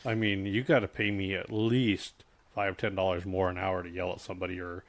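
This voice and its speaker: A man's voice: low voice, little pitch movement. A man co-hosting a podcast, chatting casually about customer service and often restarting his sentences. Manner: halting, many restarts, speaks from work experience. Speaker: podcast co-host. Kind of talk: casual chat.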